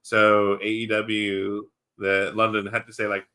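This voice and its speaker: Bright-voiced crude podcast host man. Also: fairly low pitch, completely flat delivery, a little slow, a little hiss or hum. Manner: crude, blunt banter. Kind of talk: casual podcast chat.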